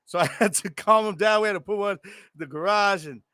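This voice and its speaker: A man in his forties hosts a casual football podcast from his home, chatting straight to his listeners in a loose, excitable way full of slang. His voice is bright and forceful and sits a little high for a man. The sound is dry and close, with no room echo. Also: brisk, clear, resonant tone. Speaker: podcast host. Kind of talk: casual sports podcast monologue. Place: home room with air conditioning.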